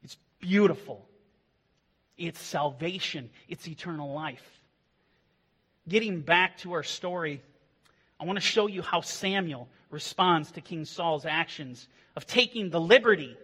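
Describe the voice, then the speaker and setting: A man preaching a sermon as pastor, impassioned, swinging from hushed passages to loud declarations. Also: fairly high pitch, measured pace, slightly rough. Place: church. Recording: long reverb of a hall.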